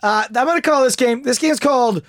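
A man co-hosting a podcast in casual chat, joking and animated with mocking asides. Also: extremely high pitch, brisk, no echo. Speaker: podcast co-host.

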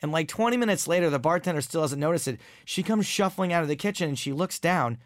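A man's voice: fairly high pitch, expressive, fast talker, no room sound, studio quality. An American man co-hosting a casual podcast, telling crude, self-mocking anecdotes with lots of animation. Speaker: podcast co-host.

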